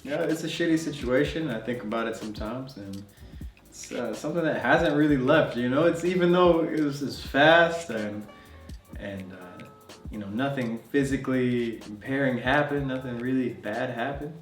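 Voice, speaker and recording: A man's voice: medium pitch, moderate pace. A young man telling a travel story to camera in a loose, conversational way, with fillers and laughs. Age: young adult. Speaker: travel vlogger. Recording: roomy sound, distant mic, faint music.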